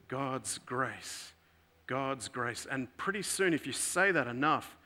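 A man preaching a sermon, telling a story in an earnest way that moves between emphatic and hushed. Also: medium pitch.

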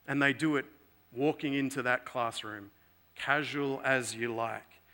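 Bright-voiced earnest male preacher. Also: mid-range voice, steady tone, a little slow. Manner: earnest, swings between emphatic and hushed. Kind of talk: sermon with storytelling.

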